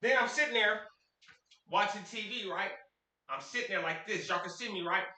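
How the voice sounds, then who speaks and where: A man's voice: high voice, normal speed. A man from Sacramento telling a story to camera in a casual, slangy way, acting out the quotes. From Sacramento, California. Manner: animated, slangy, acts out quotes. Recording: echoey room.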